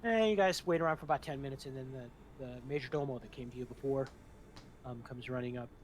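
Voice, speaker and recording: A man narrating as game master, telling the story in a relaxed way with fillers and restarts. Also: medium pitch, quick pace, slight background noise.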